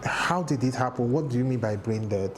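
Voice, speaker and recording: A man of middle pitch tells a painful family story, speaking haltingly and restarting his sentences as emotion takes hold. His voice climbs when he is distressed. A faint hiss of background noise sits under the recording. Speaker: interview guest. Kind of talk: emotional personal testimony.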